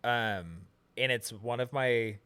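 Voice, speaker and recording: A man co-hosting a podcast, casually explaining a book's version of a scene in a relaxed, explanatory way. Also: mid-range voice, slow, clear, resonant tone, no room sound. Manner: relaxed, explanatory, with "um" and "that sort of stuff". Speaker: podcast co-host. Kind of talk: casual book recap.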